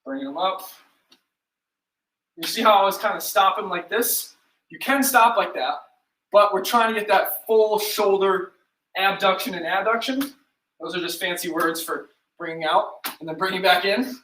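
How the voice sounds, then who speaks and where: Brief: young male fitness coach, high bright voice, talkative and joking, echoey room, mic a few feet away. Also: moderate pace, distant mic. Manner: chatty, self-deprecating, counts down reps. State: out of breath at times. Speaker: fitness instructor. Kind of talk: live workout class instruction.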